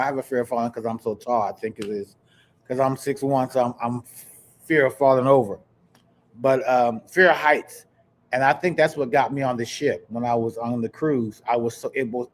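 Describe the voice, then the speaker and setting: Chatty animated male podcast host. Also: medium pitch. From Kansas. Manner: animated storyteller, chatty, addresses viewers directly. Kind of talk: casual live-stream chat.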